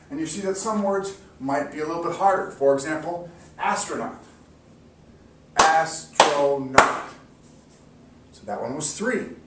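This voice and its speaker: A man giving an encouraging mock classroom lesson, slowly sounding out words for students. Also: a little high. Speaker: teacher. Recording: echoey room, distant mic, faint hiss.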